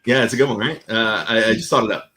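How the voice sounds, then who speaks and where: A man explaining an improv game to the audience, halting and full of fillers. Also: medium pitch, pushed and bright. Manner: hesitant, filler-heavy explaining. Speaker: improv performer and game host. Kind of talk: live improv comedy.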